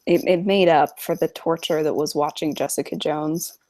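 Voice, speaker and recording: A woman's voice: low-pitched, fairly even intonation, normal speed, warm tone, no echo. A woman co-hosting a casual talk show, blunt and opinionated as she chats. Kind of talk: casual podcast chat.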